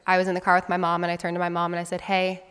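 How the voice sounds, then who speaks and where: A woman's voice: lowish voice, monotone, racing, fairly bright tone, smooth. A woman in her twenties telling a personal story as a speech, in an earnest, reflective way. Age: 20s. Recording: long hall reverb.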